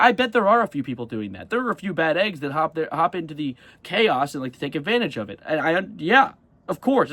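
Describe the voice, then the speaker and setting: A young man ranting in a casual vlog, animated and exasperated, often jumping into high sarcastic mock voices. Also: no echo. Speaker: vlogger.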